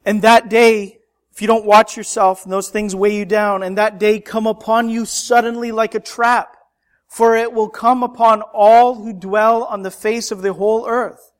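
A man preaching a sermon, impassioned and rhetorical, swinging between loud emphatic lines and hushed ones. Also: sits high, flat delivery, moderate pace.

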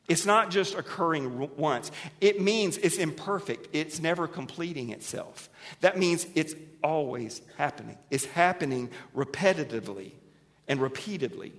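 Preaching man in a reverberant hall. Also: on the high side. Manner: animated preaching that swings from hushed to emphatic; asks the congregation questions and has them repeat words. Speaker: pastor. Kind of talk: sermon. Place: church sanctuary.

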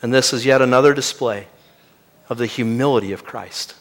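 A male pastor preaching an expository sermon. He often drops to a quiet, weighty voice for key lines. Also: mid-range voice, brisk.

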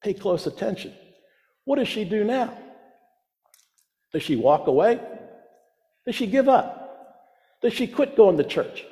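A man's voice: sits high, very animated, unhurried, pauses often, mellow. A man preaching a sermon, emphatic, repeating his key phrases for weight. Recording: long reverb of a large hall.

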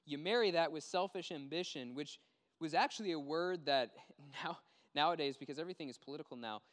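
Male pastor, conversational sermon delivery, slightly high voice, hall echo. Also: fairly quick. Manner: conversational preaching with animated quoted voices.

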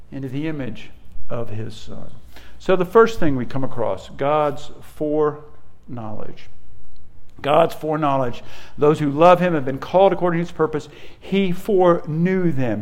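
A pastor delivers a sermon in a slightly high voice. He preaches emphatically, often restarting his sentences and repeating words as he builds a point.

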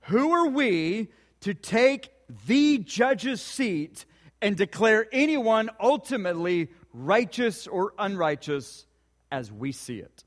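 A man's voice: high-pitched, big pitch swings, slow, big-room sound. A man preaching a sermon, telling a personal story and asking earnest rhetorical questions. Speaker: pastor.

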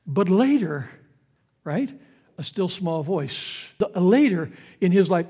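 A male pastor preaching a sermon, earnest, repeating key phrases and swinging from hushed to rising with feeling. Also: sits high, breathy edge.

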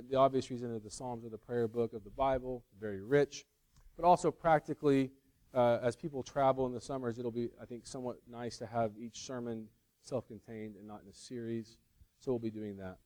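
Guy pastor giving a sermon, chatty, keeps restarting sentences, mid pitch. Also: a little mellow. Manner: conversational, self-interrupting, acts out movie scenes.

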